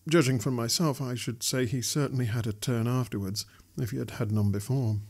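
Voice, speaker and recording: A man reading a classic novel aloud as narrator, in a measured, steady way. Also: mid-range voice, breathy edge. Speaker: audiobook narrator. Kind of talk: scripted narration.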